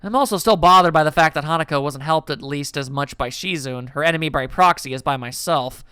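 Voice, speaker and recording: A man's voice: a little high, a little fast, pushed and bright, clean tone, no room sound, clean studio sound. A man hosting a let's play, reading a visual novel's first-person narration aloud in a reflective way.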